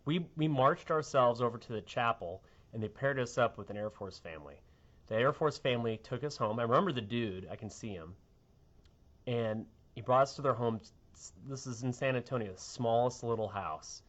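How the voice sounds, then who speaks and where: A man's voice: on the low side, lo-fi sound. A middle-aged man, a TV meteorologist, chatting casually and rambling on air in a sentimental way.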